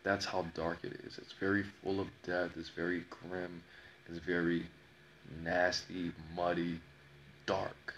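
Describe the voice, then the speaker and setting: A man telling a personal story in a slow, dramatic way, repeating phrases and pausing often. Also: low voice, monotone, fairly bright tone, a little hiss or hum. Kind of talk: personal story told to camera.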